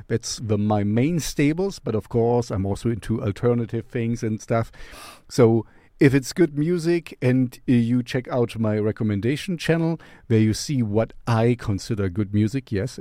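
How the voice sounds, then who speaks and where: A man's voice: mid-range voice, warm tone, no room sound, clean studio sound. A man hosting his own music channel, giving a casual song recommendation with chatty, playful self-mocking humor.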